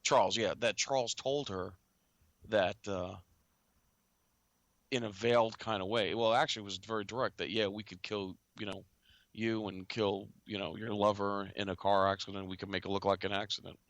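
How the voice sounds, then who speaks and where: A man with a somewhat low, bright, forceful voice talks in a loose, rambling way, jumping between points and often trailing off. He sounds close and dry, like a casual talk-show host. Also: steady tone, moderate pace, no room sound. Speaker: podcast host.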